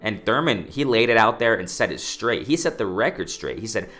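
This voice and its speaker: Casting: man, fired-up boxing vlogger, bright forceful voice, lowish pitch, faint music underneath. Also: fairly quick. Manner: excited, repetitive, addresses "ladies and gentlemen", many restarts. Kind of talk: casual commentary monologue.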